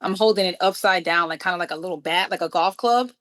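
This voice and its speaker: Animated woman telling a story. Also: on the low side, quick pace. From New York City. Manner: acts out quoted dialogue with lively voices. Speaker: guest musician.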